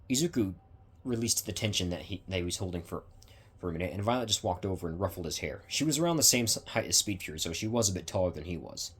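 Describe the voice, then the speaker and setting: Deep husky man narrating a fan story. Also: lively intonation, a bit bright. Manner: halting, with many restarts and self-corrections. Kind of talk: reading own fan story.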